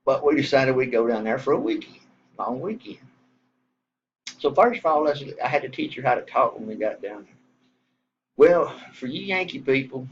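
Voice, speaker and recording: A man's voice: mid-range voice, expressive, moderate pace, pauses often, slight background noise. Middle-aged Texan man, casual folksy storyteller, slightly muffled recording. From Southern US. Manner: rambling, folksy, swears casually. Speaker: vlogger telling a story.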